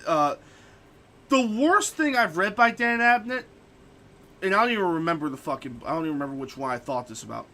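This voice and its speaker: A young male streamer rants profanely in casual chat. His voice sits high and bright, and its pitch swings all over as he vents his opinions. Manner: profane, ranting.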